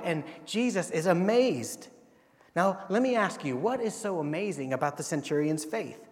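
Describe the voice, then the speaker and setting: A man preaching a sermon as pastor, talking in a conversational way and asking his listeners rhetorical questions. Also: high voice. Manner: conversational, asks rhetorical questions and acts out quotes. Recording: long reverb of a large hall.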